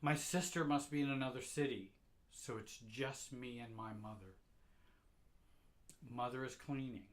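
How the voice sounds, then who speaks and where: Slow, soft-spoken male storyteller. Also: medium pitch. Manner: slow, quiet, reflective, with halting repeats. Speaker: narrator. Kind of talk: first-person storytelling.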